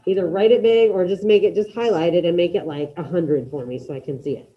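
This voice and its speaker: A woman teaching a Spanish class online, brisk and encouraging, calling out students by name as she checks their answers. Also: lowish voice, lo-fi sound.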